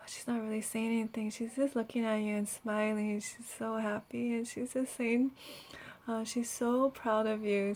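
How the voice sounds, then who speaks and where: Soft-spoken woman leading a guided healing. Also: fairly high pitch. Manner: soft, breathy and giggly, often trailing off. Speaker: energy healer.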